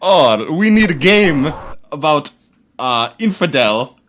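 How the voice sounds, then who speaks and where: A man voicing a pushy male newspaper boss, speaking halting broken English in a mock Israeli accent. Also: a little high, sing-song, a bit bright, slight background noise, exaggerated voice.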